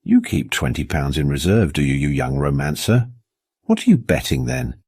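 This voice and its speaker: A man's voice: extremely low pitch, huge pitch swings, moderate pace, gravelly, a little mellow, husky, dry recording, full character voice. A man voicing a jovial middle-aged uncle who teases and laughs at his nephew in a storybook reading. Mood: amused. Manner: hearty, teasing.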